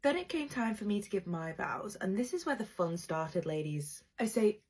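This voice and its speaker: A woman's voice: medium pitch, sing-song, normal speed, hardly any pauses, slightly rough. A young woman telling a storytime tale in a dramatic, chatty way, speaking straight to her viewers. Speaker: storytime creator. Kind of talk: storytime narration.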